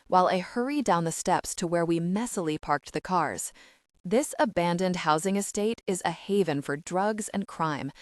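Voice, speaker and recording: Woman, audiobook narrator, lowish voice, steady intimate reading, dry close sound. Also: dry recording. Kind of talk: scripted first-person narration.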